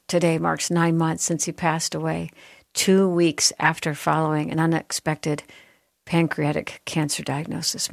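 A woman hosting a Christian talk show, reading listener texts aloud and answering them gently and tenderly. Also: low-pitched, gravelly, no room sound, studio quality. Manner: gentle, tender, softening at heartfelt moments. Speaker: host.

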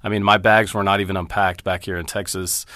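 A man's voice: low-pitched, flat delivery, brisk, sharp tone, no echo, studio quality. A middle-aged man, a Bible teacher, speaking as a guest in an interview, earnest and storytelling as he walks through scripture references. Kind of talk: interview conversation.

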